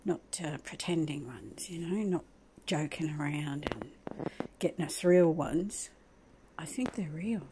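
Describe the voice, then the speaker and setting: A woman chats at home in an unhurried, rambling vlog and speaks very slowly. Her voice sits fairly low, and soft laughs slip into her talk. Faint household ambience hums underneath. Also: background noise. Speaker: vlogger. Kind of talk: casual home vlog, talking to her dog. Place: at home indoors.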